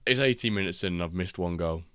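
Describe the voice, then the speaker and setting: A man, chatting casually and reacting excitably while hosting a live football watchalong stream. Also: sits low, quick pace, clean tone, dry recording. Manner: rambling, excitable reactions to match action.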